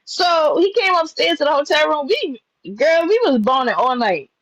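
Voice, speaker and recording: A young woman from New York telling a personal story in a casual, profane, animated way, laughing as she goes. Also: sits high, moderate pace, no echo, rough recording.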